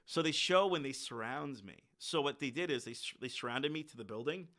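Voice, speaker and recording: A middle-aged man talking as a podcast guest, with a bright, forward voice. He tells his stories casually and animatedly, putting on the voices of the people he quotes. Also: mid-range voice, lively intonation, brisk. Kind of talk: casual storytelling.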